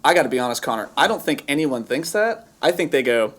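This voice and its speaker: A man's voice: medium pitch, big pitch swings, quick pace, a bit bright. A man, a podcast guest, telling a playful story in casual chat with jokey asides.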